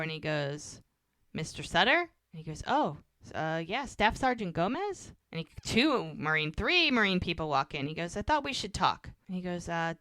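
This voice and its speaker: Woman recapping scenes, lowish dry voice. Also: fairly bright tone, dry recording. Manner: retells scenes quoting characters in lightly acted voices. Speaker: podcast co-host. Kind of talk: casual recap of a TV episode.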